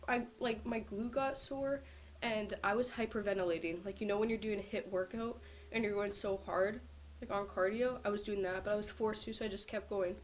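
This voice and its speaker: A woman's voice: mid-range voice, fairly even intonation, brisk, slight background noise. Chatty young woman telling a vlog story. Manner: chatty, lots of "like" fillers. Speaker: powerlifter vlogger.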